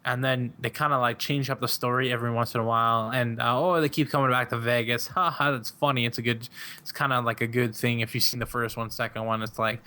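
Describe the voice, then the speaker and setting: A man's voice: medium pitch, flat delivery, fast, pushed and bright. A young man, a podcast guest, chatting casually, rambling with lots of fillers and laughing often. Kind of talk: casual chat.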